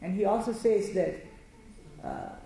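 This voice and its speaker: A woman's voice: medium pitch, measured pace, gravelly, warm tone. A woman telling a devotional scripture story, chanting verses and explaining them line by line with many restarts. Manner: recites Sanskrit verses then explains them, with frequent restarts. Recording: very echoey room with faint noise.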